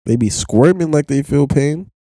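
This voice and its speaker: A man's voice: on the high side, expressive, moderate pace, warm tone, dry recording, studio quality. A young man as a podcast guest in casual chat, blunt and joking with heavy slang.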